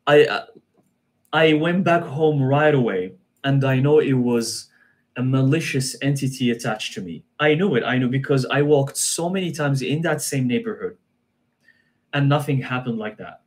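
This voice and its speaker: A man's voice: medium pitch, normal speed. A man, a guest on a live stream, telling a personal story in an earnest way, often repeating himself and restarting sentences.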